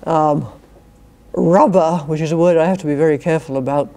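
A woman's voice: low-pitched, fairly quick, mellow. An older British woman with a British accent, a philosophy professor giving an academic lecture to a university society, with wry, dry humour and chuckled asides. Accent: British English. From Britain.

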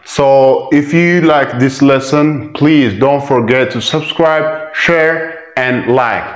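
A man teaching English pronunciation in a video lesson, repeating each word slowly and often asking "right?". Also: mid-range voice, echoey room. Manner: slow, repeating words for drill; asks "right?" to check understanding. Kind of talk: video lesson, mixing languages.

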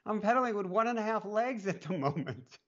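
A man's voice: high voice, brisk, muffled recording. A man co-hosting a casual chat, telling stories with lots of laughter. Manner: animated storyteller, laughs often. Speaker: co-host.

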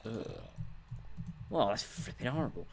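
A man's voice: fairly low pitch, huge pitch swings, a little slow, vocal fry, a little hiss or hum. A man giving casual, rambling commentary on his own gameplay at home, self-mocking and swearing often. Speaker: let's play gamer. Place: room at home, others in the house.

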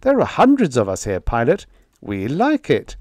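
A man's voice: medium pitch, huge pitch swings, normal speed, darkish tone, dry recording, pitched above the performer's own voice. A man voicing a carefree male alien shapeshifter in the form of a dog, easygoing and cheerful.

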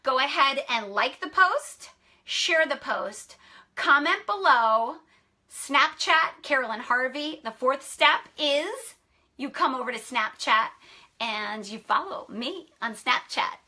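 A woman's voice: on the high side, sharp tone. A woman sleep consultant hosting a casual live stream, bubbly and effusive, repeating herself for emphasis.

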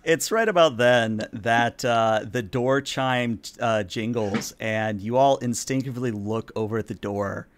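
A man narrating a tabletop role-playing game as game master, relaxed and filling pauses with "uh". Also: medium pitch, a little hiss or hum. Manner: relaxed narration with many "uh" fillers.

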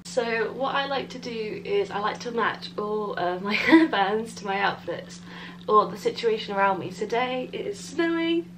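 A woman's voice: a little high, a little hiss or hum. A young woman in a student bedroom chatting casually to her handheld camera, bubbly and giggly. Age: young adult. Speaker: student vlogger. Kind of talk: casual vlog chat to camera. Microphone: handheld compact camera.

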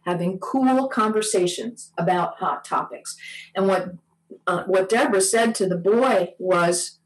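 A woman telling a story during a church service, speaking haltingly and repeating words as she goes. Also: medium pitch, low-quality recording. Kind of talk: storytelling sermon.

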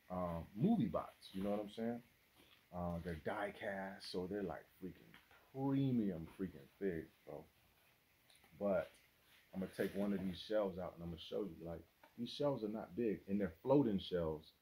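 A man with a low voice runs a toy collecting channel and talks through an unboxing in a casual vlog style. He's animated and slangy, chatting away and laughing often. There's slight background noise.

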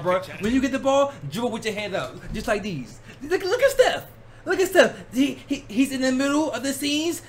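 A man with a notably high voice chats casually over game highlights. He's excitable and slangy, tossing in "bro" at every turn. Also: slight background noise. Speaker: reaction video host. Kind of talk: casual reaction commentary.

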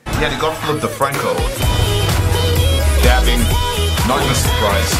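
A man hosting a video reaction, commenting casually and getting excitable and loud over the clips he watches. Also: medium pitch, brisk, long pauses. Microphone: camera mic at desk. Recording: echoey room with loud music behind.

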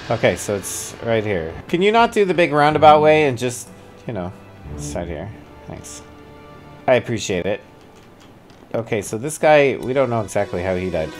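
A man streaming a video game, thinking aloud and puzzling over clues, with sudden startled outbursts. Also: lowish voice. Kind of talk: casual gameplay commentary. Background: faint music.

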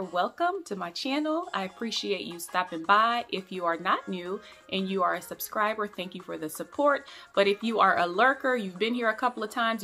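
A woman's voice: mid-range voice, bright, forceful tone. A woman vlogging in a playful, teasing way, at times preaching in mock-solemn tones. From Liberia. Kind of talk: casual humorous vlog.

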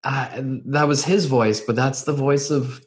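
Slow, attentive interview host. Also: medium pitch, fairly even intonation. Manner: attentive, frequent affirmations. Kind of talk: interview conversation.

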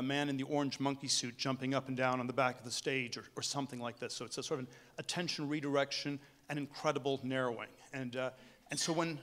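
A man giving a conference keynote speech, talking in a halting way with many restarts and fillers. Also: mid-range voice, fairly bright tone. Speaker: keynote speaker. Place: hotel conference room.

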